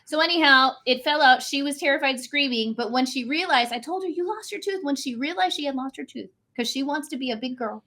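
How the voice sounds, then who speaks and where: A woman with a high, bright-sounding voice chats as a guest over a video call. She tells her stories in a bubbly, excited rush. She sounds to be in her thirties. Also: brisk, few pauses. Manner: bubbly, excited storytelling with frequent laughs. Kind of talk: casual chat.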